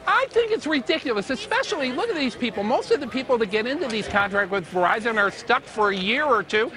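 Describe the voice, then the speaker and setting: A man's voice: very high-pitched, lively intonation, fast talker, bright, forceful tone. A man giving upbeat, punchy market commentary on a TV panel, joking along the way. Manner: punchy, enthusiastic, jokey.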